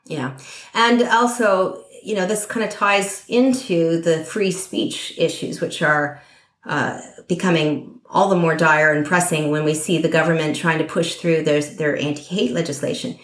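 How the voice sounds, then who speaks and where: A woman guest talking through political ideas in a halting, thoughtful way, often restarting her sentences. Her voice sits a little low. The recording has a noticeable room echo. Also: fairly even intonation. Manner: thoughtful, hesitant, many fillers and restarts. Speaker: podcast guest. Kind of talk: political conversation.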